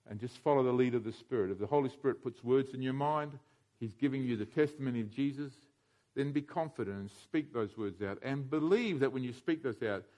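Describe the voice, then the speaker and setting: A man preaching a sermon, moving from quiet reflection to loud, fervent exhortation and leading his congregation in call-and-response. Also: mid-range voice.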